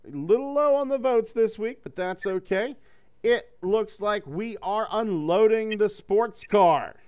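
A man's voice: high voice, measured pace, a little mellow, smooth. A man reading a choose-your-own-adventure book aloud to friends, with loose, joking and profane asides. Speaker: reader running a gamebook for friends.

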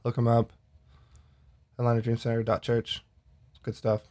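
A man co-hosting a podcast, earnest and halting with frequent restarts. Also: mid-range voice, completely flat delivery, a little mellow. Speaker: podcast co-host. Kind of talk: casual chat.

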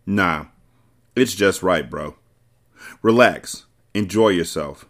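A man's voice: deep voice, slow pace. A man voicing a jovial male gangster, brash and bossy, with loose, profane street talk. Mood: easygoing.

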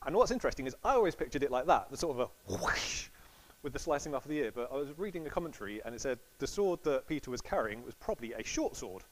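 A man's voice: mid-range voice, big pitch swings, fast, poor audio. A man giving a casual, chatty sermon to a congregation, acting out quotes with laughs. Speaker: preacher.

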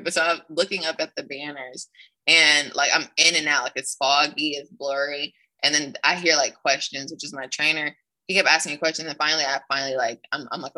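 Bright-voiced young woman telling her story. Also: low-pitched, poor audio. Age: young adult. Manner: rambling, full of "like" and restarts, acts out quoted dialogue. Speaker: athlete guest. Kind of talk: casual interview storytelling.

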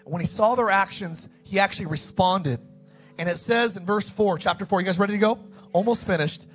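A man preaching a sermon as pastor, animated, acting out the story's dialogue in quick asides. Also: high-pitched, faint music behind.

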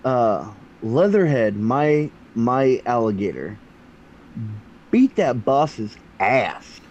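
A man's voice: medium pitch, big pitch swings, drawn-out words, a little mellow, muffled recording, a little hiss or hum. A man in casual chat about a game, chiming in with laid-back asides. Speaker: fellow player.

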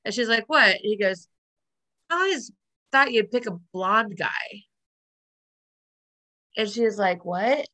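Casual female co-host, unhurried delivery, bright tone, giggly and rambling. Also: medium pitch. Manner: giggly, rambling retelling with fillers. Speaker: podcast co-host recapping a sitcom episode. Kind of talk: casual chat.

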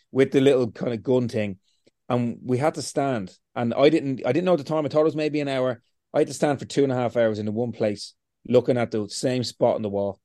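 A man being interviewed, telling lively stories, swearing freely and acting out what he said to himself. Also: mid-range voice, no room sound, clean studio sound. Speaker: interview guest. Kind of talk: casual storytelling.

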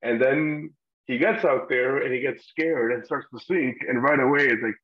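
A man's voice: medium pitch, moderate pace. A man casually leading a Bible discussion on a podcast, rambling a little, with fillers and the odd laugh. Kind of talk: casual Bible study chat. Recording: slightly muffled lo-fi audio.

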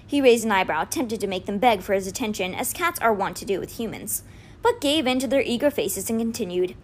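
A woman reading a children's novel aloud as an expressive storyteller. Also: mid-range voice, a little fast. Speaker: reader.

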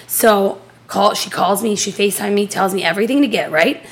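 A woman's voice: mid-range voice, normal speed, husky. A woman in her thirties, a podcast co-host telling a casual story, acting out the dialogue with casual swearing. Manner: animated, acts out quoted dialogue.

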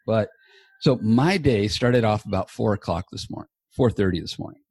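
A man hosts a podcast from a small home office, rambling in a loose, casual way and dropping the odd swear word. His voice sits a little low. The sound is dry and close, with no room echo. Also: lively intonation, moderate pace, darkish tone, breathy edge. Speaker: podcast host. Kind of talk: casual chat. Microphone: earbuds.

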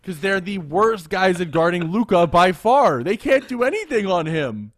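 A man co-hosting a casual sports podcast, animated and quick to laugh, often repeating himself. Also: high voice, no room sound. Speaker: podcast co-host.

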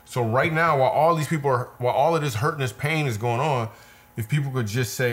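A man's voice: mid-range voice, quick pace, a bit bright. A man, a comedian guest, telling a personal story in an earnest, repetitive, vivid way. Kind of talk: conversational storytelling.

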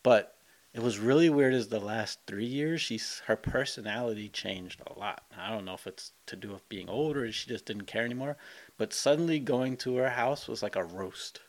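A man co-hosting a podcast, telling family anecdotes in a relaxed, amused way. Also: medium pitch, normal speed. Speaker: podcast co-host. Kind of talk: casual chat.

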